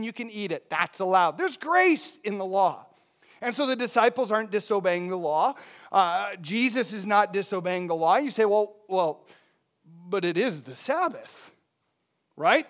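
A man's voice: very high voice, a bit bright. A man preaching a sermon in a conversational way, asking the congregation rhetorical questions. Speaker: pastor.

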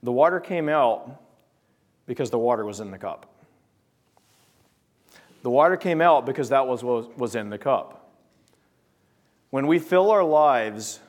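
A male preacher giving a sermon with an object lesson, talking straight to the congregation in an animated way. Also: mid-range voice.

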